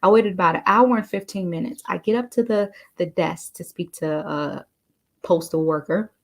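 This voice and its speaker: Chatty woman giving a pep talk, lots of "you all", a bit of vocal fry. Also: on the low side, normal speed. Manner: animated, chatty, addresses listeners as "you all". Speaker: motivational speaker. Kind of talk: casual motivational storytelling.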